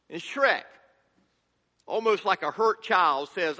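Pastor guy preaching, folksy and bright, echoes in a big church. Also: high-pitched, expressive, measured pace. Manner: enthusiastic, folksy humor. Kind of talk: sermon.

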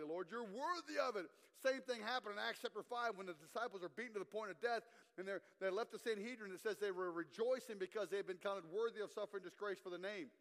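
High-voiced preacher in a reverberant hall. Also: male voice. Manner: animated storytelling preacher, asks the crowd to respond. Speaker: guest preacher. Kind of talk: sermon.

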